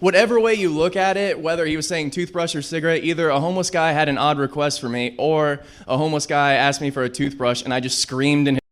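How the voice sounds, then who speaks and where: A young man works through a stand-up set on a small club stage, his voice sitting a little high. He rambles, leans on "like" and keeps poking fun at himself as he talks into a handheld mic. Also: fairly even intonation, fast talker, hardly any pauses, fairly bright tone. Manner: rambling, self-deprecating, lots of "like". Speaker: stand-up comic.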